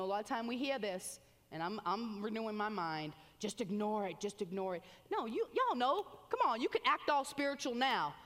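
Animated woman preaching in a reverberant hall. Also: fairly high pitch. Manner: animated, exclaiming, reading scripture aloud. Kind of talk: sermon.

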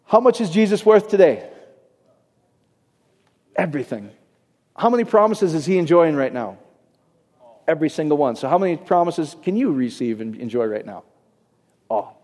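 A man's voice: mid-range voice, mellow. A man preaching a casual, conversational sermon as a pastor, often checking in with his audience. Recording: echoey hall, long reverb.

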